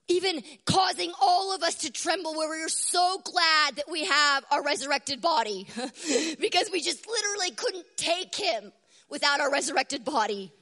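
This woman's sermon is devotional and delivered with strain, her voice sitting high as she swings from quiet whispers up to loud, impassioned cries.

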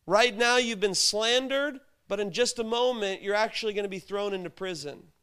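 Male preacher, high voice, smooth and resonant, storytelling sermon, rhetorical questions. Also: moderate pace, pushed and bright.

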